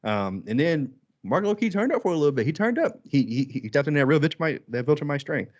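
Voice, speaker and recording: A man co-hosting a podcast in casual chat, animated and quick to act out quoted lines. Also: a little high, lo-fi sound. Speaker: podcast co-host.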